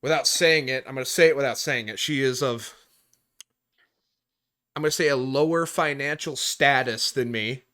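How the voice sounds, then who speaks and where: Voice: medium pitch, moderate pace. A podcast host chatting casually and telling work stories, swearing freely and acting out the people in them. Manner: animated storyteller, swears freely, voices people in the story. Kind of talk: casual podcast chat and storytelling. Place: room at home on a voice chat.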